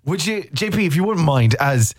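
A man's voice: a little high, very animated, moderate pace, dry recording, clean studio sound. A man hosting a radio show in casual, teasing banter, laughing easily. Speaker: radio host.

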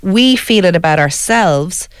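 A woman's voice: on the low side, expressive, measured pace, clear, resonant tone, no echo, clean studio sound. A woman hosting an interview, reflective and thinking aloud with small restarts. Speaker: podcast host. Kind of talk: conversational interview.

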